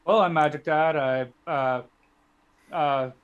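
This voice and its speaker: A man's voice: on the high side, fairly even intonation, takes it slowly, smooth, dull audio. A man introducing himself as a tabletop game player, hesitant and full of fillers but wry. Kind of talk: casual self-introduction.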